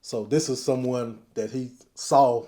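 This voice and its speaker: A man interviewing a guest, steady, murmuring along as he listens. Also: medium pitch, unhurried. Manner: steady, frequent murmured backchannel.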